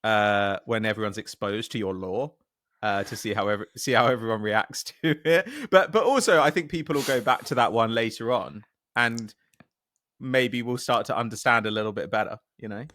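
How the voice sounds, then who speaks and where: A man co-hosting a podcast in casual chat, wry and quick to laugh. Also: fairly low pitch, a bit bright, no echo, clean studio sound. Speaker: podcast co-host.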